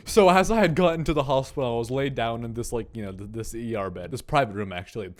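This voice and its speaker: A young man telling a comic story from his childhood, animated and sweary, with lots of exaggeration. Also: mid-range voice, quick pace, few pauses.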